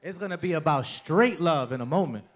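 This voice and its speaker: A man doing a stand-up comedy set in a club, loud and profane, working the crowd and mocking people with impressions. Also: a little high, expressive, a little fast.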